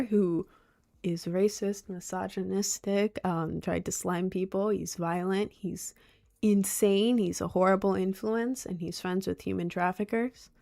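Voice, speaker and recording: A young woman live streaming from her chair at home, chatting casually and sarcastically with her chat, full of "like" and laughs. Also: mid-range voice.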